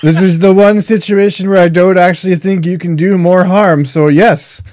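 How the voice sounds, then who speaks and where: A man's voice: sits high, steady tone, moderate pace, background noise. A man playing a tabletop game, trading dry, sardonic quips. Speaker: player.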